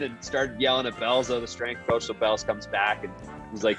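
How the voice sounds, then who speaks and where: A man laughing through an animated anecdote about a weigh-in. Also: medium pitch, moderate pace, over music. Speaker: former teammate. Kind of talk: casual anecdote in an interview.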